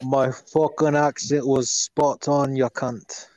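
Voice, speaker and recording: A man's voice: medium pitch, little pitch movement, slow pace, darkish tone, no room sound. An Australian man with an Australian accent, trading crude, profane banter with friends in a group voice chat. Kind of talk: casual chat.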